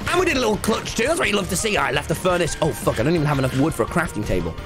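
Excitable young gamer yelling. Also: male voice, fairly high pitch, racing. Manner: excitable, swearing, yelling bursts. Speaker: streamer. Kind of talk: gaming livestream commentary. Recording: game music behind the voice.

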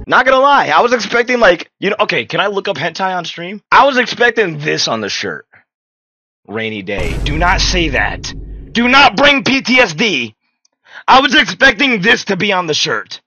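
A young man chatting casually to his live-stream chat, animated and full of slang, in his just-woken-up morning voice. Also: fairly high pitch, moderate pace, no echo, highs cut off, faint music behind.

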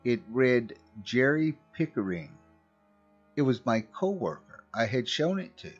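A man narrating a scripted horror story in a slow, measured way. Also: mid-range voice, big pitch swings, husky. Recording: muffled recording with faint music.

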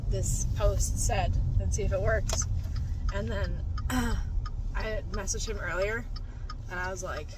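A woman's voice: medium pitch, takes it slowly. A young woman vlogging in a casual, rambling way, swearing now and then, talking to a phone camera while driving and then outside her home. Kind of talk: casual vlog chat. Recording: loud background noise.

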